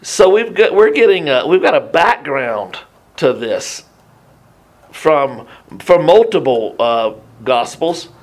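A man preaching a Bible teaching in an animated, conversational way, often restarting his sentences and adding asides. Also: on the high side, slow. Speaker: pastor.

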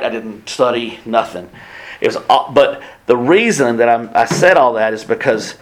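A male pastor telling a story in a sermon, acting out the people he quotes. His mid-range voice swings between loud bursts and hushed, almost whispered asides. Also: mid-range voice. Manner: animated, acts out quoted voices, drops to near whispers.

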